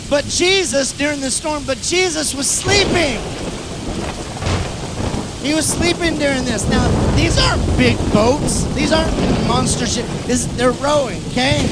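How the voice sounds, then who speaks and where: A man preaching a sermon in a very high voice, acting out the scenes of his story with energy. Heavy rain and rolling thunder sound loudly behind him. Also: very noisy. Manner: animated storyteller, acts out the disciples' panic. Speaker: pastor.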